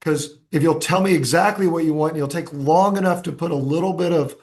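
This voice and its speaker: Man, podcast guest, lively storyteller, restarts, plays out conversations. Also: on the high side, brisk, hardly any pauses. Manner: animated storyteller, acts out dialogue, many restarts. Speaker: designer and entrepreneur, guest. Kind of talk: casual podcast interview.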